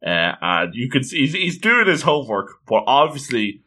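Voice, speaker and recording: Man, casual read-along commentary, bright tone, lively pitch, exclaiming often. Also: normal speed. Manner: chatty, exclaiming, reacting aloud. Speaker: manga reader.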